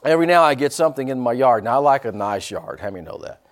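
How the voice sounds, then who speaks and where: A male pastor in full sermon mode. His pitch swings up and down as he pushes his points, repeating lines and calling for a response. Folksy jokes keep it loose between the exhortations. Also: fast talker. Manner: animated preaching with call-and-response and repeated phrases; folksy, joking asides.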